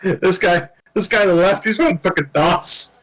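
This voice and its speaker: A man with a slightly high, light voice runs a tabletop game. He narrates casually and with obvious enjoyment, laughing easily between rulings. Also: normal speed, a bit bright, low-quality recording. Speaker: game master. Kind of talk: running a tabletop game over voice chat.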